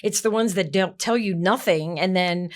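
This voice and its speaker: A woman's voice: lowish voice, normal speed. A woman guest in an interview, a former executive assistant, explaining emphatically with acted-out examples. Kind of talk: interview answers.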